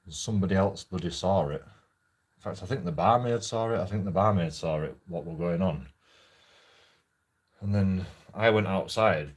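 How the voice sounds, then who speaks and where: Man, deep husky voice, halting sweary vlog rant. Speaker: vlogger. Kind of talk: casual storytelling monologue.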